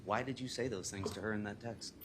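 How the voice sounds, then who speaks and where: A man serving as an attorney, questioning a witness in a courtroom and reading text messages aloud, steady and methodical. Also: lowish voice, brisk. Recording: courtroom audio with clear background noise.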